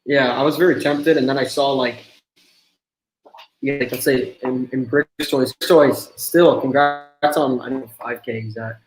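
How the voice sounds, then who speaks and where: Flat-voiced young man in an echoey room. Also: mid-range voice, measured pace. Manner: agreeable, filler-heavy. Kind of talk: casual chat. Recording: echoey room with audible noise.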